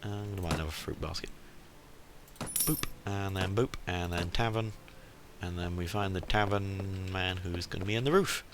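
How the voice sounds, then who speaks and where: A man's voice: low voice, normal speed, noisy background. A man rambling through let's-play commentary, joking and muttering asides to himself as he plays. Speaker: gamer.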